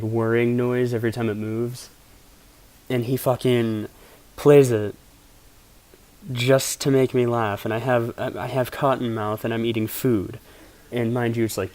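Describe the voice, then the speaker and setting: A man's voice: medium pitch, darkish tone. A young man from Pennsylvania casually telling rambling, profane stories as a vlogger. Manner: rambling, profane, laid-back anecdotes. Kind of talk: casual storytelling.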